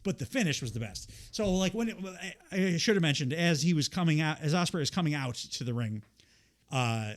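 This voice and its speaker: A man's voice: a little high, animated, brisk. A man hosts a podcast while fighting a cold. He recaps wrestling matches in a loose, rambling way, full of fillers and casual swearing. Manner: rambling, profane, lots of fillers and quoted impressions. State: has a cold. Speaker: podcast host.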